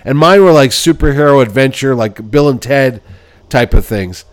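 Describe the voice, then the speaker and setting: A man in his fifties hosting a show, telling casual stories and acting out the people in them, combative and quick with a comeback. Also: mid-range voice, no room sound. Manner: self-described belligerent, quick with comebacks. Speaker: podcast host. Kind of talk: casual storytelling.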